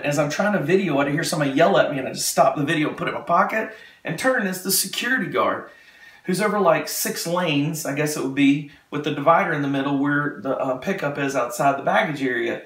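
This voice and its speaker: A man telling a testimony story with animation, retelling quickly and acting out the quotes. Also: fairly high pitch, fairly bright tone. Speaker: speaker giving a testimony. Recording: echoey room, mic far off.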